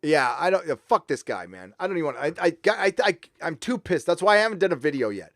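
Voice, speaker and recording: A man's voice: fairly high pitch, sing-song, fast, fairly bright tone, dry recording, studio quality. A middle-aged man from Southern California hosting a livestream, ranting in a casual, profane, rambling way with frequent restarts. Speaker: livestream host reading super chats.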